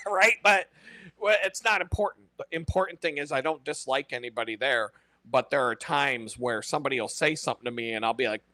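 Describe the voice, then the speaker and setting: A man hosting a casual live stream, talking in an animated, profane way and laughing often. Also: medium pitch, a little fast, no echo.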